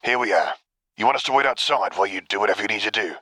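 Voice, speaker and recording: A man reading the part of a male clone commander who is curt and coolly unapologetic, speaking slowly and clipped. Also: lowish voice, animated, pushed and bright, breathy edge, dry recording, full character voice.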